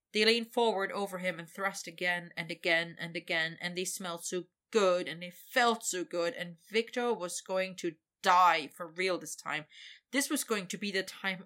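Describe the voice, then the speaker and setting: A woman reading an adult story aloud as narrator in a steady, intimate manner. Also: lowish voice, unhurried.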